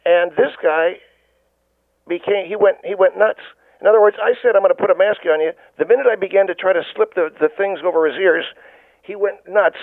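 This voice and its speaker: Man putting on a brash, bossy store owner with a high, gravelly voice, blunt and boastful. Heard over a dry, thin phone line. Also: fairly even intonation, fairly quick, dry recording.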